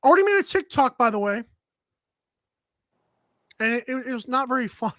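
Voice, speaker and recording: A man's voice: very high-pitched, very animated, bright, forceful tone, no room sound. Chatty male co-host with a dry sound. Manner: chatty, reads posts aloud, quick asides. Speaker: radio show co-host. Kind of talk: casual sports talk.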